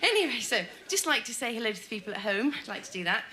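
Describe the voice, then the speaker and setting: A woman's voice: on the high side, very animated, fast talker, pushed and bright. A woman doing a stand-up monologue, rambling and correcting herself with nervous little laughs. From Britain. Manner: rambling, self-interrupting, nervous giggles. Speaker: stand-up comic.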